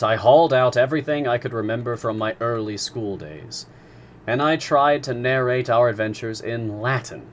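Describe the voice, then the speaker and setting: Man, low voice, live reading of a classic novel, measured expressive narration. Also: slight background noise. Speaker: storyteller.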